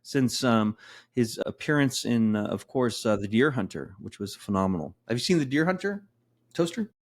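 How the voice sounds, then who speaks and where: A man's voice: medium pitch, animated, normal speed. A man hosts a loose podcast chat, brash and foul-mouthed, reeling off film titles one after another. His voice sits in an ordinary middle register. He needles his co-hosts and talks himself up. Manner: brash, swears freely, rattles off lists. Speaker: podcast host. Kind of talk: casual podcast banter.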